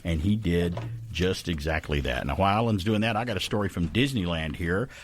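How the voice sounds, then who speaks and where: A man hosting a casual radio talk show, chatty and quick to laugh. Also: low-pitched, a little hiss or hum. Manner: animated, chatty, laughs often.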